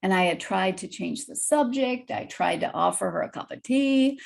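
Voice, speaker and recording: A woman guest telling a personal story in a lively, vivid way on a video call podcast. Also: medium pitch, normal speed, vocal fry, hardly any pauses.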